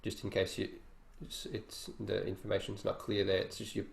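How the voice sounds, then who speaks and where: A man's voice: on the low side, monotone, moderate pace, gravelly. A man teaching guitar in an online workshop, explaining casually and thinking aloud between demonstrations. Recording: roomy echo with faint guitar.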